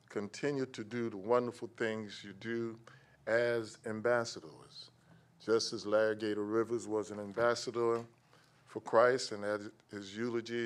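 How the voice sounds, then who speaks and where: A man's voice: mid-range voice, clean tone. A man, giving a preacherly invocation at a county meeting, rhythmic and rising on key words. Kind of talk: spoken invocation and prayer. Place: county commission meeting chamber.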